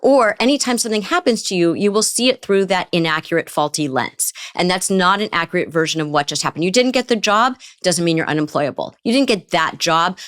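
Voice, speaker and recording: A woman's voice: fairly low pitch, no room sound, clean studio sound. A woman therapist in an interview, explaining ideas and often asking rhetorical questions. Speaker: therapist guest. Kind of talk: interview conversation.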